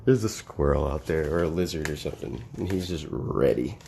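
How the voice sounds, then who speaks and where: A man's voice: rumbling low, expressive, a little fast, gravelly, noisy background. A man chatting casually on a live stream, coaxing his dog in a playful sing-song way. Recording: echoey, roomy sound with faint ambience.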